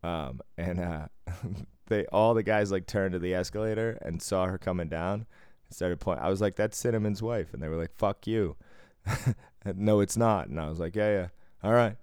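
A man with a low, smooth, clear voice tells stories on a casual podcast. He laughs often and swears freely. The sound is dry and close. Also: normal speed, a little mellow, dry recording. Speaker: podcast co-host.

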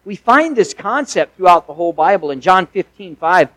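A man's voice: sits high, sing-song, normal speed, pushed and bright, dry recording, rough recording. A male pastor delivering a sermon in a conversational way, with folksy asides and emphatic swells.

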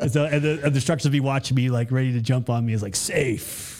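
Middle-aged guy from the states, warm mellow voice, rambly storytelling, keeps restarting sentences. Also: medium pitch, fairly even intonation, racing. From United States. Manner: rambling, self-interrupting, playful voices for others. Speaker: guest, Army veteran. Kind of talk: casual storytelling.

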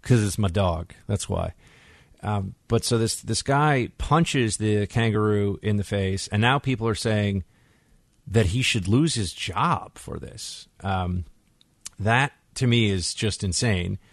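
A man hosting a talk radio show, telling stories in an animated, conversational way into a studio microphone. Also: lowish voice, slow, creaky, no echo.

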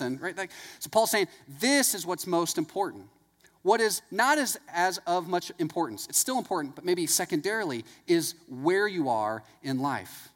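A man's voice: a little high, lively intonation, fairly quick, fairly bright tone. Casual-talking male preacher in a reverberant hall. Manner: conversational, anecdotal, full of "like". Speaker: pastor. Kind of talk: sermon.

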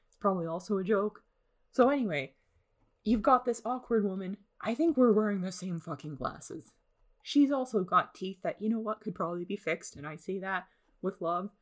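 A young woman hosting a casual solo podcast from home, rambling with self-deprecating, sarcastic asides. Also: fairly low pitch. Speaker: podcast host. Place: home in the suburbs.

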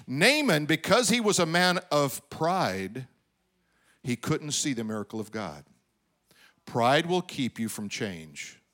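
A male pastor delivers a sermon in a fairly high voice with a very lively, swinging pitch. He talks conversationally, acts out the scripture with rising emphasis and then drops to hushed, reflective asides. Faint music plays underneath.

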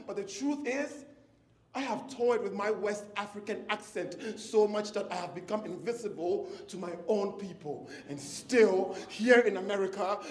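A man from Ghana with a Ghanaian accent, performing a spoken word poem with rhythmic, emphatic delivery and playful mockery. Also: very high-pitched.

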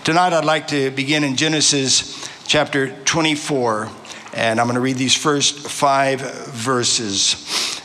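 A man's voice: medium pitch, fairly even intonation, slow, sharp tone. A man, preaching a sermon as a visiting pastor in an exuberant, affectionate way, often restarting his phrases. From Arizona.

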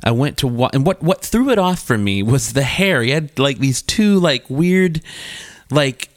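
Animated profane man hosting a podcast. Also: medium pitch, a little slow, no echo, clean studio sound. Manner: animated, profane, jumps into quoted voices. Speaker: podcast host. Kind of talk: crude casual storytelling.

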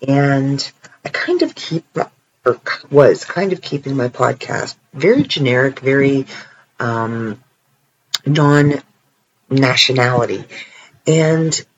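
A podcaster with a Canadian accent chats through a solo episode in a loose, meandering way, trading in dry jokes and filling pauses with ums. The recording sounds a little dull, with faint hiss behind the voice. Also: medium pitch. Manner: rambling and self-deprecating, joking asides, frequent ums. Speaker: podcast host. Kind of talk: casual solo podcast monologue.

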